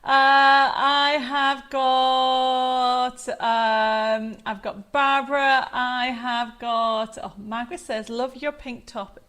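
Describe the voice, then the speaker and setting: A woman's voice: sits high, level tone, very slow, few pauses, a bit bright. A chatty woman hosting a live craft show, bubbly as she rambles through greetings and reads out viewer comments. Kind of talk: live-stream chat reading viewer comments. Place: home studio.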